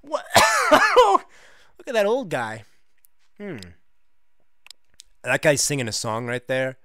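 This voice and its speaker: A man hosting a gaming channel, giving casual, sarcastic commentary with loud outbursts of disbelief. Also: mid-range voice, slow pace, no echo, clean studio sound. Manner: animated, exclamatory, sarcastic asides. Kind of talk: casual let's-play commentary.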